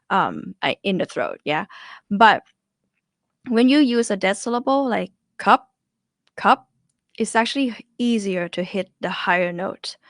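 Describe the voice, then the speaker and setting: A woman's voice: medium pitch, a bit bright, no room sound, clean studio sound. A young woman with a Thai accent, teaching pronunciation in a chatty way and repeating syllables to show each tone. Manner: chatty, demonstrates tones by repeating syllables, laughs often. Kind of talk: casual online language lesson.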